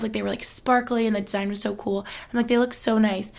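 A woman's voice: medium pitch, flat delivery, fast talker, few pauses. A young woman hosting a podcast, chatting casually and upbeat, full of fillers and giggles. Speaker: podcast host. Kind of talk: casual chat.

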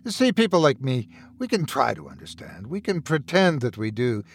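A man voicing a menacing, mocking male doctor who taunts in a slow, hushed voice. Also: mid-range voice, sing-song, breathy edge.

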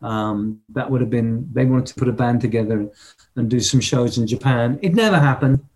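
Brief: older male musician guest, mid-pitched voice, lively storyteller who scats drum beats. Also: normal speed. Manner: animated anecdotes, mimics drum patterns vocally. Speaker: interview guest, rock drummer. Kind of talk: casual storytelling interview.

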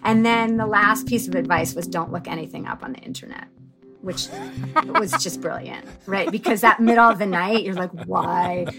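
A middle-aged woman telling a personal story as a podcast guest, animated and chatty with lots of fillers. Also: medium pitch, normal speed, over music. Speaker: guest, author and mother.

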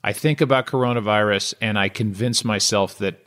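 A man's voice: fairly low pitch, a little fast, fairly bright tone, no room sound, clean studio sound. Wry man joking on a podcast. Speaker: podcast co-host. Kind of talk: casual chat.

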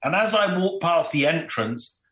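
A man's voice: a little high, lively intonation, measured pace, fairly bright tone, roomy sound. A man telling a story in a casual chat as a podcast guest, acting out the voices of the people he quotes.

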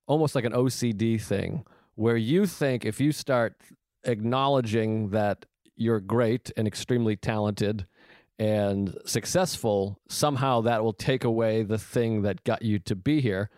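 A man's voice: fairly low pitch, darkish tone, no room sound, studio quality. Frank, profane male comedian. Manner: frank, profane, confessional and quick to joke. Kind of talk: casual podcast chat.

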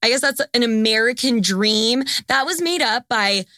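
A woman's voice: fairly high pitch, expressive, moderate pace, pushed and bright, no echo, studio quality. A young woman hosting a podcast, chatting in a blunt, profane and teasing way. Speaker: podcast host. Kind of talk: casual podcast chat.

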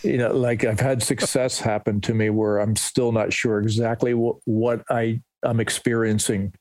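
A man's voice: fairly low pitch, level tone, a little mellow, no room sound. Man in his 60s, musician guest, rambling anecdotes, dry close sound. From New Jersey, US. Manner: rambling, self-deprecating, with quick asides. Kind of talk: casual storytelling interview.

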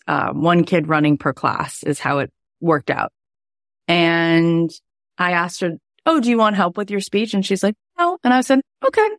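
A woman's voice: deep voice, no echo, studio quality. A woman in her forties, a podcast host and coach, tells a personal story on a coaching call in a chatty, emotional way full of "like" fillers.

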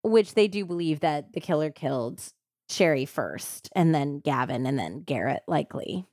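A woman narrates a true crime case in a relaxed, chatty way, dropping "like" into her sentences as she retells it. Her voice sits a little low. The sound is dry and close, with no room around it. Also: moderate pace, no room sound. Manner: animated retelling with many "like" fillers. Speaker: true crime podcast host. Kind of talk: casual storytelling chat.

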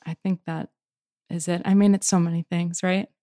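A woman's voice: fairly low pitch, level tone, mellow, no echo, clean studio sound. A woman poet and author answering interview questions reflectively, searching for words as she goes. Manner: thoughtful, searching, halting restarts.

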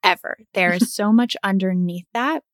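A woman's voice: medium pitch, moderate pace, no echo, studio quality. A woman co-hosting a podcast, explaining relationship ideas in an earnest way and often asking "right?". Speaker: podcast co-host, therapist. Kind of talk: casual chat.

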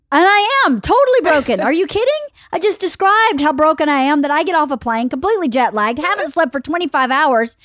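Lively high-voiced woman, blunt and teasing. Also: no echo, clean studio sound. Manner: blunt, teasing, swears freely. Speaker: podcast host. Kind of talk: casual chat among friends.

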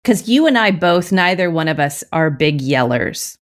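A woman's voice: low-pitched, lively intonation, normal speed. Woman co-host asking questions. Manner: asks questions and teases. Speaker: podcast co-host. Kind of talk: casual podcast chat.

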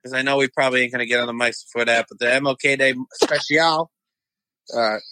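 A man's voice: medium pitch, fairly even intonation, fairly quick, bright, forceful tone, dry recording. A man co-hosting a podcast, joking loosely in casual sports chat. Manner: loose, joking, trails off into laughs. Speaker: podcast co-host.

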